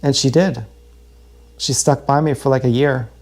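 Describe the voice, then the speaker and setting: A man livestreaming a raw, emotional confessional monologue, halting and repeating his words. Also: mid-range voice, steady tone, darkish tone.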